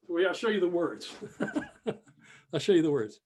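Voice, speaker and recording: With a high, darkish voice, big pitch swings, and a moderate pace, a male webinar presenter pauses often while teaching a casual live sales session. The business mentor is upbeat and chatty, repeating phrases and reading the chat aloud on a computer mic.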